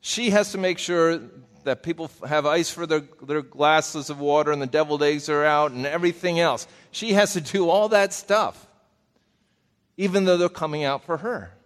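Higher-voiced man preaching in a big hall. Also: moderate pace. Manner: folksy, asks listeners questions directly. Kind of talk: conversational Bible teaching sermon. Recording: long reverb of a large hall.

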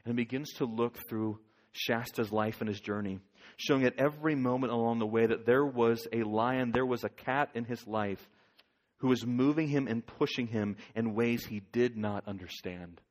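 A male pastor preaching a sermon, swinging from loud urging to near whisper. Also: mid-range voice, moderate pace.

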